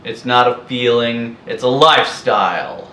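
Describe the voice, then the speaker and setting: A man delivers a blunt, scornful and profane rant straight to his viewers, at a mid-range pitch. His voice reaches the mic from a few steps away and rings around an echoey room. A faint hiss sits under the whole recording. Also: lively intonation, unhurried, sharp tone, recorded from a distance. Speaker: vlogger. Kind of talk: ranting monologue to camera.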